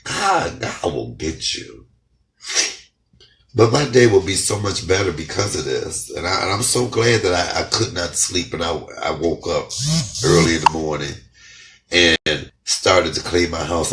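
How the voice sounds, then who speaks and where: A middle-aged man speaking fervently in an emotional testimony vlog, a little hoarse from shouting and crying with joy, talking in his house. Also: deep voice, lively intonation, measured pace, slight background noise. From United States. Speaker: comedian vlogger. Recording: echoey room, off-mic.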